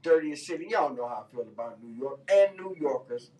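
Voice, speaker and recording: Guy hosting a talk radio show, kinda high voice, heated slangy ranting, sounds a bit off mic. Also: expressive, normal speed, darkish tone, distant mic, poor audio. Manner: loose, heated, slangy rants with many fillers. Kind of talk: casual opinion talk.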